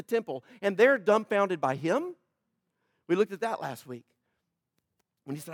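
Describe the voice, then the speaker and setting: A man preaching a sermon as pastor, swinging from loud emphatic peaks to quiet, slow scripture reading. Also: sits high, very animated, no echo, studio quality.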